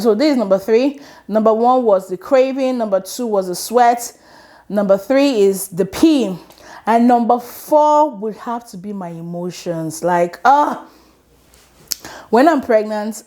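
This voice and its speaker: A woman in her thirties with a Nigerian English accent, chatting casually and animatedly to camera as she tells a personal story. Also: fairly high pitch. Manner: animated, chatty, laughs at herself. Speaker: vlogger.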